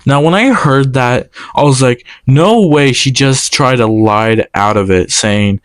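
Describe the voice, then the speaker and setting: A young man casually telling a personal story, animated and quoting others in quick back-and-forth exchanges. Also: medium pitch, no echo.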